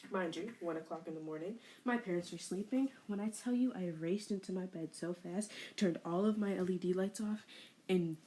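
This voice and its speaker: Animated woman chatting in her bedroom. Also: on the low side, moderate pace, a little hiss or hum. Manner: animated, playful, filler-heavy. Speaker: podcast co-host. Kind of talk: casual chat, storytelling.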